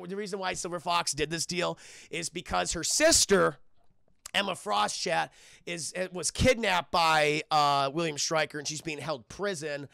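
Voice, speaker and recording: A young man streaming a casual, profane spoiler review of a film, excitably recapping scenes and talking to his chat. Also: a little high, vocal fry, no echo, clean studio sound.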